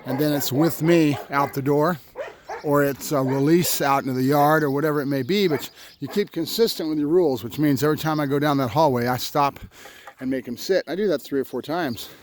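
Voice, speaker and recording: A man's voice: a little high, fairly quick, a little hiss or hum. A man who trains dogs, talking casually while he walks his puppy through a morning routine and gives it short firm commands. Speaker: dog trainer. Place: home and yard, moving between in and out of doors.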